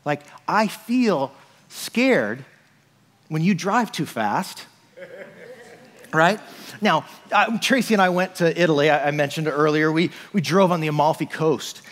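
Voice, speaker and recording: A man's voice: a little high, lively intonation, measured pace, a bit bright. Pastor, man, chatty sermon delivery, voice ringing in a reverberant sanctuary. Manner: conversational, frequent "like" and "right?".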